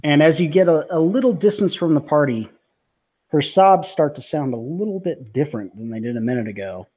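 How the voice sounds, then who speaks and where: A man's voice: a little high, lively intonation, a little fast, darkish tone. A man running a tabletop game as game master. He narrates in a casual, vivid way with a slightly raised voice.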